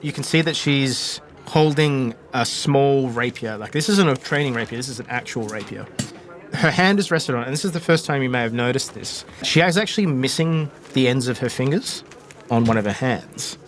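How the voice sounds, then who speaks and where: A man's voice: mid-range voice, normal speed. A man narrating a tabletop role-playing game as the game master, describing scenes with many fillers and restarts.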